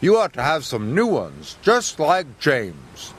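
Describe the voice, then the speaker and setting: A man's voice: a little high, wildly swooping pitch, slow pace, a little hiss or hum, heavily acted. A man voicing a stern, commanding railway boss in a cartoon.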